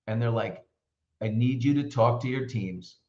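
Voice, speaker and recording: A middle-aged man hosting a casual live show, telling stories in an animated, opinionated way. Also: medium pitch, normal speed, reverberant, dull audio. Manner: chatty storyteller, animated and opinionated. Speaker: host. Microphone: computer mic.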